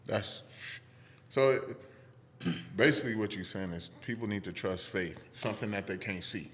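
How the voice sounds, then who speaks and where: A man hosting a casual interview, relaxed and encouraging toward his guest. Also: lowish voice, a little slow, big-room sound, a little hiss or hum. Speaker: podcast host.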